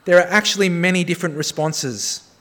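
A man preaching a sermon with a slightly higher voice than most men. He tells self-deprecating stories with a humorous touch, then turns to earnest appeals to his listeners. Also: brisk, fairly bright tone. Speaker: pastor.

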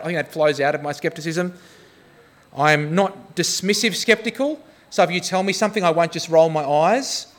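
Humorous pastor preaching. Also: male voice, on the high side. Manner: humorous, self-deprecating storytelling. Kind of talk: sermon.

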